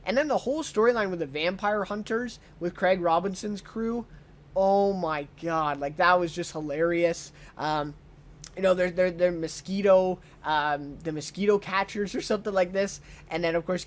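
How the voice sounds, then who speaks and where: A man's voice: high voice, moderate pace. A man giving a casual unscripted TV show review, enthusiastic and full of ums and uhs.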